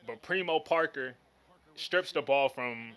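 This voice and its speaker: A man's voice: mid-range voice, measured pace, fairly bright tone, clean tone. A man giving casual, slangy play-by-play commentary over a basketball video game. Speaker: gaming commentator.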